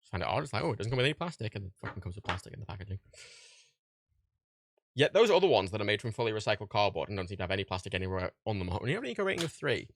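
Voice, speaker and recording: Swearing man, gravelly lively voice. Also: on the low side, very fast, no room sound, studio quality. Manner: profane, ranting, laughs often. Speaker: livestreamer. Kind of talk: casual livestream chat while packing orders.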